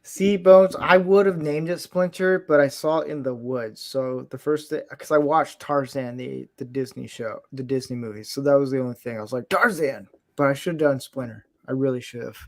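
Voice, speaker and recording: A man's voice: mid-range voice, fairly even intonation, fairly quick, hardly any pauses, darkish tone. A man hosting a casual chat. He rambles, chuckles often and makes fun of himself. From Florida, USA. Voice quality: rambling, chuckling, self-deprecating.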